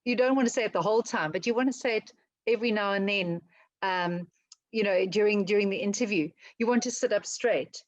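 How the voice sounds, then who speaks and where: Fast-talking South African woman presenter. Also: medium pitch, no room sound, poor audio. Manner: fast, lively, chatty, with many ums and restarts. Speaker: webinar presenter on interview skills. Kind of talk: casual webinar talk.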